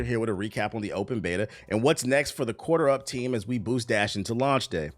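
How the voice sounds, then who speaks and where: A man streaming casually, reading entertainment news aloud and breaking off into profane, laughing asides. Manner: profane, laughing asides, excitable pitch jumps.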